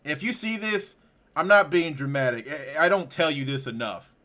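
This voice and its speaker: A man giving let's-play commentary on a game, slangy and profane, shaken and near tears, swinging from quiet mumbling to outbursts. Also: on the high side, very animated, moderate pace. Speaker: gaming YouTuber.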